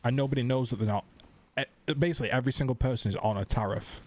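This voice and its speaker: A British man ranting in casual, animated chat, swearing freely and repeating himself as he tells a story. His voice sits at a middle pitch. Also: quick pace. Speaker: streamer.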